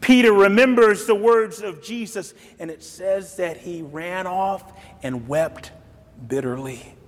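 A male pastor preaches in an unhurried, deliberate way, acting out the story with sudden swings between loud and hushed lines. His voice sits high for a man. The sound rings with the long reverb of a large church hall. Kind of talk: sermon.

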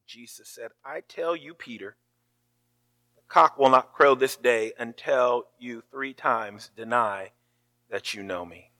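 A pastor preaching a sermon, telling the story with feeling and acting out the lines of the people in it. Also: male voice, mid-range voice, slow pace, bright, forceful tone.

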